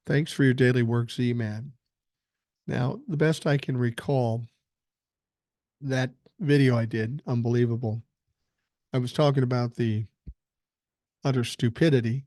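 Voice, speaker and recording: A man's voice: medium pitch, darkish tone, no room sound, clean studio sound. An older man hosting a podcast, reading listener emails aloud and answering them bluntly with plenty of swearing, still getting over a cold. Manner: blunt, profane, opinionated. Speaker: podcast host.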